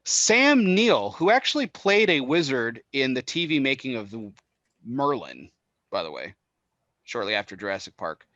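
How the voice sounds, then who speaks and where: A man's voice: medium pitch, very animated, moderate pace, a bit bright, dry recording, muffled recording. A man hosting a casual podcast chat, rambling and laughing as he goes. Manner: chatty, rambling, laughs a lot. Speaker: podcast host. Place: indoors, cigar podcast set.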